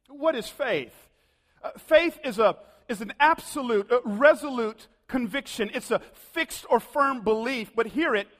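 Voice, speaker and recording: Pastor preaching, really high voice, big hall echo, goes loud then real quiet. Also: male voice. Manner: dramatic, swings from loud to hushed. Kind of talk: sermon. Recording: long hall reverb.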